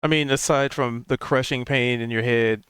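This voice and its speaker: A man's voice: medium pitch, steady tone, normal speed, fairly bright tone, clean tone, dry recording, clean studio sound. A man running a tabletop game as game master, explaining rules casually with hesitant fillers.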